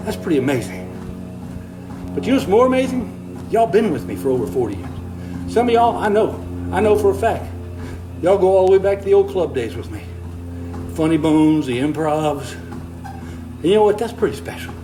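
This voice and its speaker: A man's voice: sits high, big pitch swings, normal speed, over music, low-quality recording. An older man, chatting casually on a livestream, reading viewer comments while walking on a treadmill, folksy and easygoing, slightly out of breath. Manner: folksy, easygoing, chuckles often.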